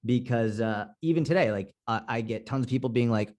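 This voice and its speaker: A man's voice: mid-range voice, brisk, hardly any pauses, darkish tone. A man from Boston talking on a podcast as a guest coach, blunt and candid, swearing freely. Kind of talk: casual podcast conversation.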